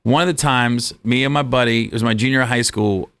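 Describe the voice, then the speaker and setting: A man's voice: mid-range voice, brisk, fairly bright tone, clear, resonant tone. A man, a comedian guest, telling comic stories in conversation and laughing through them.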